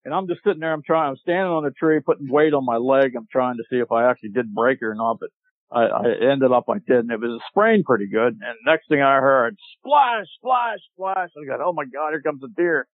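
A man telling a long hunting story as a podcast guest, animated and laughing as he goes. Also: mid-range voice, fast, dry recording. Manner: animated, laughs while telling, acts out shouted quotes. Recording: tinny dry phone-line audio.

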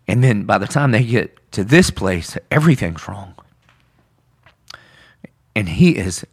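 Brief pastor man, lowish voice, earnest conversational preaching, dramatizes quotes. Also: lively intonation, unhurried, pauses often. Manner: earnest, conversational, acts out quotes with rising intensity. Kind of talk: sermon-style podcast discussion.

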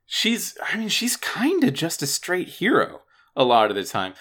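A man's voice: fairly high pitch, huge pitch swings, normal speed, fairly bright tone. A man co-hosting a casual gaming podcast, rambling and restarting his words often. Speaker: podcast co-host.

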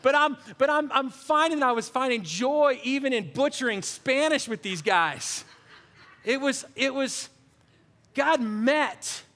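A man preaching a sermon as a pastor, animated and shifting from loud bursts to hushed, prayerful passages. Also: extremely high pitch, long reverb tail.

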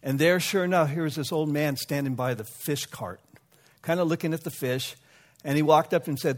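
A man's voice: fairly high pitch, normal speed. A male preacher delivering a sermon in a storytelling manner, sometimes correcting himself mid-sentence. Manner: storytelling, occasional self-corrections.

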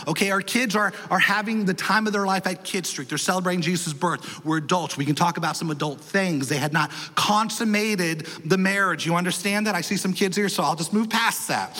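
Pastor, man, thirties, high bright preaching voice, animated and playful, church hall reverb. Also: fairly quick. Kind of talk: sermon. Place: large church hall with congregation.

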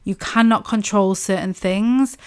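A woman's voice: medium pitch, unhurried, clear, resonant tone. A woman in her thirties telling a personal story as a podcast host, candid and casual, swearing now and then. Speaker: podcast host and business coach.

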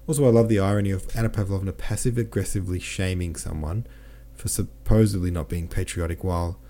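A man's voice: sits low, fast talker, warm tone. A man hosting a podcast, talking casually and rambling through a book discussion while reading listener comments aloud. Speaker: podcast host.

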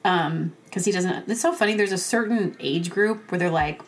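A woman's voice: lowish voice, normal speed, few pauses. A woman hosting her own podcast in a casual solo monologue. She rambles, jokes, laughs often and acts out little quoted exchanges. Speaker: podcast host.

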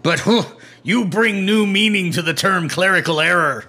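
A man's voice: sits high, normal speed, bright, forceful tone, slightly rough, heavily acted. A man voicing a stern male dwarf god who talks like a pirate and lectures his priest. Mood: scolding. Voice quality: pirate-like growl. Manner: scolding, preachy, calls others lad and son.

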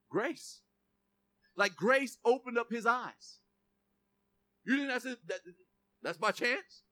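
Animated, bright-voiced male pastor preaching. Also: extremely high pitch. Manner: animated, joking, reads scripture aloud. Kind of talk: sermon.

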